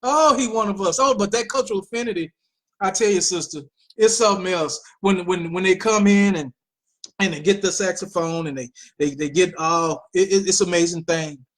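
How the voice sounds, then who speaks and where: A woman hosting a political commentary show, talking in an animated way with mocking asides and repeated phrases. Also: lowish voice, fairly quick. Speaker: host.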